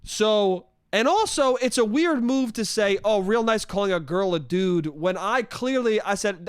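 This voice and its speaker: Young man, high voice, animated cursing storyteller, solo podcast, dry close mic. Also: unhurried, hardly any pauses, clean tone, no echo. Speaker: podcast host.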